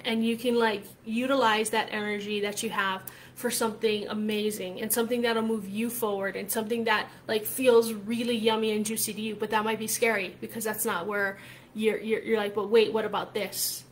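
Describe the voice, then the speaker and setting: A woman's voice: mid-range voice, little pitch movement, brisk, slight background noise. A woman coach talking casually to her viewers, emphatic and chatty, often tagging her points with "right?" and swearing freely. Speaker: spiritual coach. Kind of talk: casual talk to camera.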